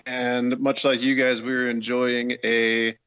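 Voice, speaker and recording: A man talking as a podcast guest, relaxed and wry. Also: medium pitch, takes it slowly, smooth, dry recording, muffled recording. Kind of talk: casual chat.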